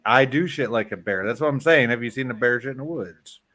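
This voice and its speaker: A man chatting as a guest on a casual livestream, swearing freely and bursting out loudly. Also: medium pitch, brisk. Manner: loud, profane outbursts.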